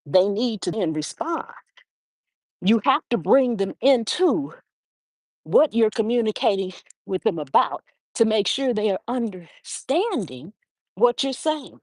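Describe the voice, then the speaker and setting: A woman's voice: fairly high pitch, unhurried, husky, no room sound, rough recording. A woman hosting a live motivational talk while out on a walk, acting out little everyday dialogues as she speaks. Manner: animated, acts out little dialogues. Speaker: livestream host. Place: outdoors on a walk.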